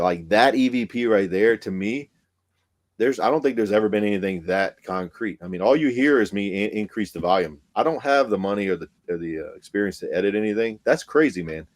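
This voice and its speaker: A man, a paranormal investigator guest telling a story in casual podcast chat, excited and profane, with many fillers. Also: on the low side.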